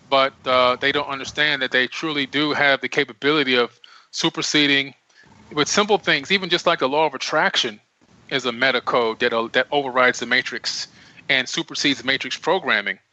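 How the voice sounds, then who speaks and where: A man's voice: medium pitch, brisk, bright, forceful tone. A man speaking as a guest on a radio interview, earnest and emphatic. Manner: earnest, emphatic, preaching self-empowerment. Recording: dull lo-fi radio audio.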